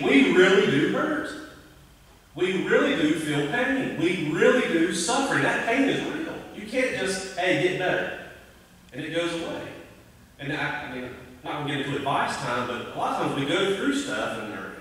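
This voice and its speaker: A man preaching a conversational, animated sermon, recorded from a distance in a church sanctuary. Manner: conversational, animated preaching with sudden rises in pitch. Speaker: pastor. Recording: echoey church hall, voice from a distance.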